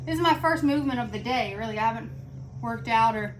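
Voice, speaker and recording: A high-voiced young woman talks viewers through a hip routine, breathless from the work. She is blunt and chatty and curses offhandedly between reps. A steady background noise runs under her voice. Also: quick pace. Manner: chatty, blunt, swears casually, counts reps aloud. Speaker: fitness instructor. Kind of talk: casual workout instruction. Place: home workout room.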